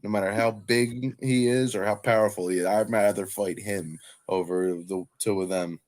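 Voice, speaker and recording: A man's voice: lowish voice, steady tone, normal speed, darkish tone. A man who wrestles for a living, chatting casually as a guest, talking with a slight lisp and rambling full of "like". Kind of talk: casual chat.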